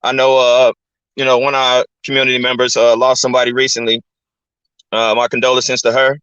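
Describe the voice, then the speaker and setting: A man's voice: medium pitch, monotone, a little fast, a bit bright, smooth, no echo. A man hosting his channel in a casual, rambling, profanity-filled rant, filling his talk with "man" and "you know what I'm saying". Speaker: channel host. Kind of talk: casual ranting monologue. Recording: dull, lo-fi dry recording.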